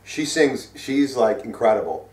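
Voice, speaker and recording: A man's voice: medium pitch, expressive, measured pace, darkish tone. A middle-aged man co-hosting a casual heavy metal news chat, rambling and profane with many fillers. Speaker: co-host. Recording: roomy sound from a distant mic.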